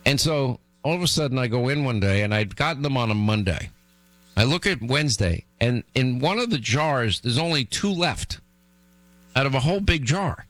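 A middle-aged man hosting a radio show, telling rambling comic stories and teasing his co-host. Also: no echo. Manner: animated, teasing, jumps up in pitch for exasperated asides. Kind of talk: rambling comic storytelling on air.

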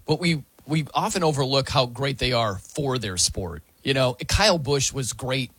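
Bright-voiced man on sports talk. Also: mid-range voice, normal speed, husky, dry recording. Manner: animated, mimics wrestling announcers.

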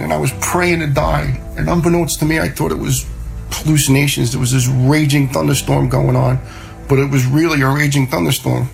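A man's voice: a little high, creaky, rough recording. A middle-aged man telling a personal story in a plainspoken, conversational way, often repeating words as he goes. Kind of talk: personal story told to listeners.

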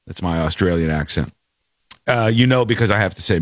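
A man's voice: mid-range voice, a little fast, no room sound, clean studio sound. A man co-hosting a casual chat, incredulous and joking as he reacts to a clip. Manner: incredulous, animated, jokey. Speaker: podcast co-host.

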